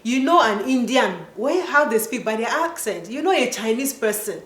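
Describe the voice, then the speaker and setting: Nigerian woman host, high-ish voice, earnest and direct with viewers; roomy room sound. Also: animated, moderate pace, a bit bright. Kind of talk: casual chat to viewers. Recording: roomy echo.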